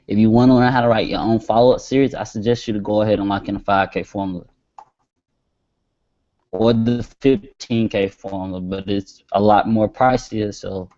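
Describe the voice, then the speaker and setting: A man leads a screen-share marketing lesson in an easygoing, conversational way, drawing out phrases as he types them. His voice sits a little low and sounds dark and mellow. The webinar audio is dull and lo-fi. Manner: casual, talks while typing, stretches words as he dictates.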